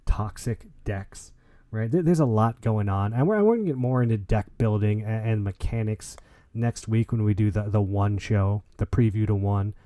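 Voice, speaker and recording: A man hosting a gaming league podcast, chatting in an excitable, jokey way with lots of restarts. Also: lowish voice, moderate pace, no echo. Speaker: podcast host. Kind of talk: casual podcast chat and wrap-up.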